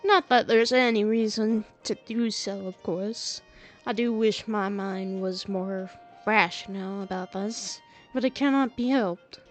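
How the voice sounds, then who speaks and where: A woman's voice: mid-range voice, unhurried, soft background music. A woman streamer reading a story game aloud and reacting with giggles and chatty asides.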